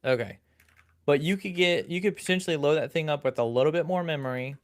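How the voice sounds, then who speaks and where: A man's voice: fairly high pitch, quick pace. Easygoing male podcast co-host. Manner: easygoing, searches for words, repeats himself. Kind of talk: casual tech chat.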